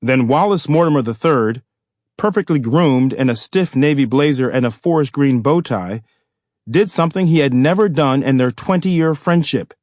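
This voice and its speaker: A man narrating his own novel as an audiobook, in a measured, even manner. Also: medium pitch, dry recording, studio quality. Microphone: studio microphone.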